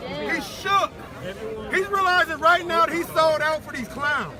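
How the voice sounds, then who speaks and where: A man's voice: very high-pitched, a little slow. A man at an outdoor street protest, mocking and taunting someone with emphatic, repetitive jabs. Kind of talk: heckling street confrontation. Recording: loud crowd noise outdoors. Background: loud protest crowd.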